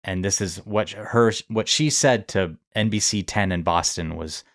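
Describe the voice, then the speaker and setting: A man's voice: low-pitched, a little slow, no room sound, studio quality. A man co-hosting a podcast, casually retelling a news story with easy laughs. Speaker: podcast co-host. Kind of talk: casual chat.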